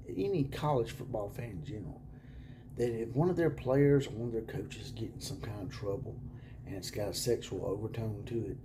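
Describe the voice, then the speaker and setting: A man with a medium-pitched voice hosts his own college football video channel from a room at home. He talks casually and sarcastically, chuckling and sometimes slipping into hushed mock-whispers, against a noisy background.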